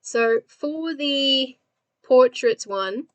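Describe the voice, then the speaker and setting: Her voice sits high and animated, and she speaks very slowly: a young Australian livestream host who works while casually chatting with viewers, answering their messages and laughing a lot.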